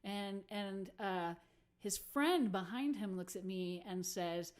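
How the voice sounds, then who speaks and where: A woman's voice: fairly low pitch, a little slow, a little mellow. A woman musician hosting a casual livestream, chatting with viewers in a self-deprecating way and laughing often. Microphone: computer or phone mic on a livestream.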